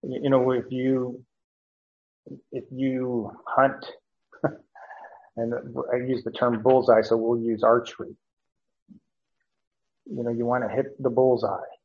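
A man teaching verse by verse from the Bible, halting with many fillers and restarts, chuckling now and then. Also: medium pitch, little pitch movement. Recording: dull lo-fi recording.

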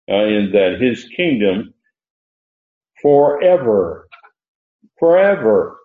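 A man teaching a Bible lesson, reading verses slowly and stressing key words, with frequent "uh" pauses. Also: fairly low pitch. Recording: roomy lo-fi recording.

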